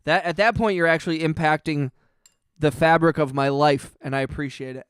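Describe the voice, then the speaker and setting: A man hosts a casual livestream, reading out chat and cracking sarcastic jokes. His voice is a touch high and very smooth. It is recorded close to the mic with a dry, roomless sound. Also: fairly even intonation, brisk, a bit bright, no room sound. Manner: joking, sarcastic, reads chat aloud. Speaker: livestream host. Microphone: close mic on stream.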